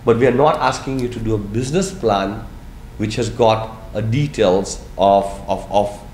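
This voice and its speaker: A man's voice: on the low side, normal speed, a little mellow. A man, a business school instructor, explaining steps of a process in a recorded lecture and stressing key words. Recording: echoey room, faint noise.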